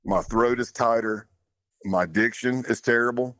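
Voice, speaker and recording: A man's voice: medium pitch, a little slow, fairly bright tone, no room sound. A man talking as a podcast guest, telling his story in a plainspoken, loose way with casual fillers. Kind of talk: conversational storytelling.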